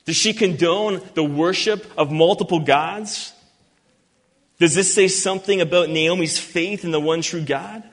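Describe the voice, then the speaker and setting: A man preaching an expository sermon, earnest and emphatic, reading scripture slowly. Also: on the high side. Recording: long hall reverb.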